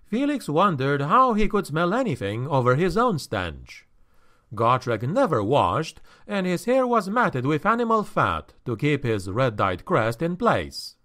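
A man reading a fantasy audiobook in a measured, expressive storytelling manner. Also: on the high side. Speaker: audiobook narrator. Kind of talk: scripted fantasy audiobook narration.

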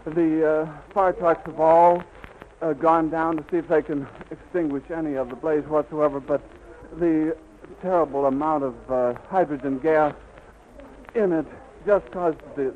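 1930s radio reporter, raised pitch. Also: male voice, steady tone, a little slow. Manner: vivid, flowing eyewitness description. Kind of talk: live on-the-scene radio report. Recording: dull, lightly hissy 1930s disc recording.

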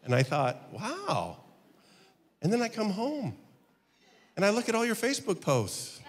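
Fifties male pastor, high lively voice, rhetorical sermon style, long church reverb. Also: normal speed. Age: 50s. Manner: rhetorical questions, emphatic preaching.

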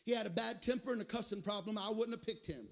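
A man with a very high voice preaches a revival sermon in a church. He keeps prodding his listeners with quick asides. Again and again he swells into a shouted, sing-song preaching rhythm. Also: vocal fry, long reverb tail. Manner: builds into a shouted, chanting preaching cadence; calls out to the congregation with "huh?" and "can I tell you". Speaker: guest pastor. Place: church sanctuary.

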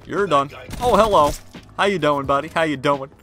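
A young man commentating his own gameplay in a casual, slangy way, muttering to himself and then yelling at the game. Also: on the high side, fairly quick. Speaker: gaming video creator. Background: game music and gunfire.

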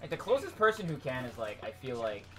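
A man's voice: mid-range voice, big pitch swings, fast, faint music behind. A man casually commentating his own gameplay on a live stream, self-mocking and swearing when frustrated.

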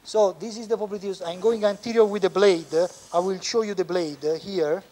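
Man, Italian accent, native Italian speaker, fairly high voice, surgeon teaching live, halting step-by-step explanation. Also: steady tone, warm tone, slight background noise. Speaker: orthopedic surgeon. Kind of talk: live surgical teaching demonstration. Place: operating room.

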